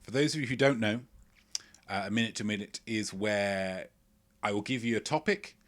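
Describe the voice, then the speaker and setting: Male quiz host, lowish voice, jokey and rambling, streaming from home. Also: normal speed, a bit bright. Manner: playful, rambling, jokey asides. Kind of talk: live-streamed quiz hosting, reading chat. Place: at home, indoors.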